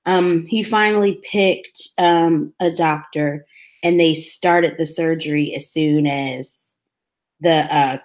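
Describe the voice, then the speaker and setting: A woman co-hosts a casual talk podcast about a TV show. She retells the episode with energy and jumps into the characters' lines as she goes, in a slightly low voice. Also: steady tone, takes it slowly. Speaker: podcast co-host recapping a TV episode. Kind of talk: casual chat.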